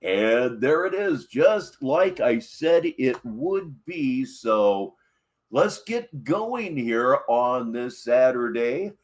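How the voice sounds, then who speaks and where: A man's voice: medium pitch, sing-song, drawn-out words. A man hosting a livestream show, introducing a clip with sardonic, mocking asides. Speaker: livestream host. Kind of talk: casual stream commentary.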